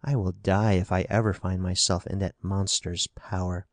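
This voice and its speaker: A man's voice: low-pitched, little pitch movement, moderate pace, dry recording, close to an everyday voice. Male narrator voicing a scared young woman, pleading, anxious, audiobook character. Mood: fearful.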